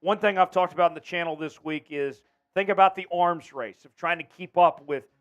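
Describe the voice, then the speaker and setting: The host of a laid-back sports talk livestream has a voice that sits high and moves a little fast, though the audio is dull. Upbeat throughout, he banters with his co-host, reads viewer messages, and breaks into chants.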